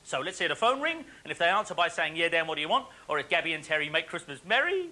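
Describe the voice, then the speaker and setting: A man presenting a phone-in quiz on a studio show, chatty and jokey with quick patter and frequent laughs. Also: fairly high pitch, very animated, bright, forceful tone. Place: TV studio with live audience. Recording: faint audience and studio noise.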